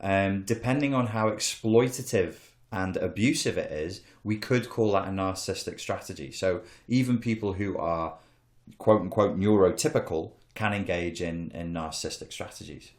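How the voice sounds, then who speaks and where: A man's voice: low voice, moderate pace, roomy sound. A man hosting a casual podcast conversation, candid and blunt, with some swearing and acted-out quotes. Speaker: podcast host, coach on narcissistic abuse.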